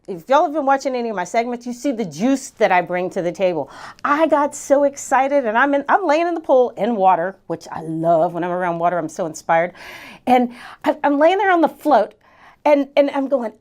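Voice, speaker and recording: A middle-aged woman coaching, telling a motivational story and acting out what people said, jumping high on exclamations. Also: moderate pace. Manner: animated, acts out quoted voices, jumps high on exclamations.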